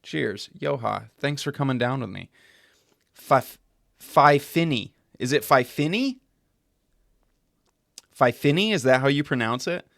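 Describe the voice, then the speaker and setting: A man's voice: medium pitch, animated, unhurried, creaky, pauses often, dry recording, studio quality. A young American man hosting a beer tasting live stream from home, chatting loosely with his viewers, swearing casually and trailing off mid-sentence. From United States. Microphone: desk microphone.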